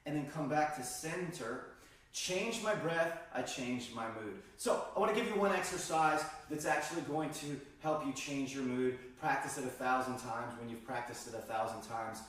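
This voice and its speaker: A man teaching qigong, calmly guiding breathing exercises and demonstrating the sounds himself. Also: medium pitch, moderate pace. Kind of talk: instructional demonstration. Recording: very echoey room, distant mic.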